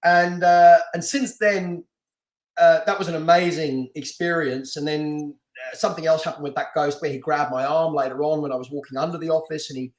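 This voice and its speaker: A middle-aged man from London telling a story as a podcast guest, animated and laughing often, with lots of restarts. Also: a little high, brisk, roomy sound. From London, England. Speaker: podcast guest, martial artist and stunt actor. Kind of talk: casual storytelling interview.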